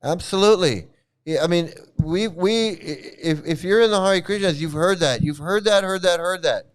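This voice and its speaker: A man talks in a loose, rambling way, tripping over his words and restarting often. His slightly high, smooth voice carries a mocking edge. He laughs as he goes on a casual rant. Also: normal speed. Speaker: channel host, former devotee.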